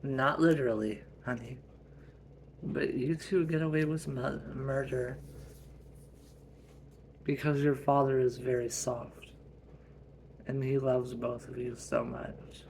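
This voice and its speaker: A stern, scolding mother of two small girls, played by a man. She comes across sharp and no-nonsense, with a faint gravelly edge and a deliberate, unhurried pace. It is his everyday voice, barely shifted. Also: medium pitch, slight background noise.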